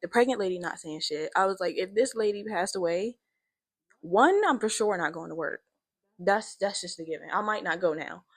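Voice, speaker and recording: This is a young woman talking straight into her podcast mic. She tells her story in a loose, profane, animated way and pushes her voice up into shouting when it gets tense. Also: mid-range voice, normal speed, husky. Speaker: podcast host. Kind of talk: casual storytelling monologue.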